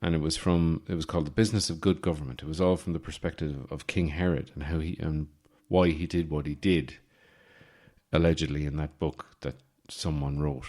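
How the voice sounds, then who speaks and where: An Irish man in his forties, hosting a podcast with a rambling, deadpan comic monologue full of fillers and restarts. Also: rumbling low, fairly quick. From Ireland. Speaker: podcast host.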